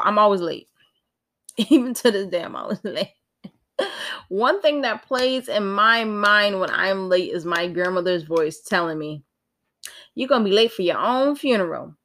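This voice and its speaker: A woman's voice: mid-range voice, fairly bright tone. A woman hosting her own podcast, talking casually and candidly with frequent laughs and the odd swear word. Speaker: podcast host. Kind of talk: casual solo podcast talk. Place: indoors at home with rain outside.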